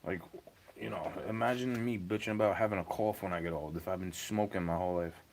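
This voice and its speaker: Young guy ranting and cussing at his stream chat, lowish voice, bit of hiss behind. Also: fast, darkish tone. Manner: agitated, swearing, rambling rant. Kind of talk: ranting monologue to a livestream chat.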